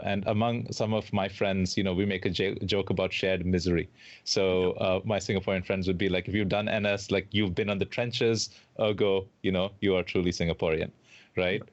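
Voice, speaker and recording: A male host in a casual interview, asking measured, thoughtful questions. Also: low-pitched, highs cut off.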